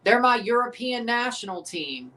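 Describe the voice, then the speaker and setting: A man's voice: extremely high pitch, expressive, normal speed, sharp tone, recorded from a distance. A man hosting a live sports watchalong, ranting profanely and repeating himself. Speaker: livestream watchalong host. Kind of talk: live sports reaction rant. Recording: voice a bit off the mic.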